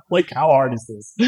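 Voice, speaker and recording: A man's voice: on the high side, darkish tone, breathy edge, no echo, poor audio. A man in his forties, a guest author talking candidly and reflectively in a casual podcast chat, often laughing. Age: 40s.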